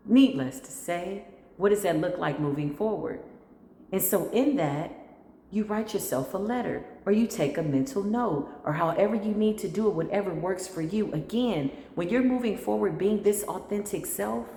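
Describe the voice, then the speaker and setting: A middle-aged woman tells a casual story in a low, gravelly voice. She acts out the people she quotes with lively energy. The room echoes, with a long reverb tail. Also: normal speed, a little hiss or hum. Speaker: spiritual channel host.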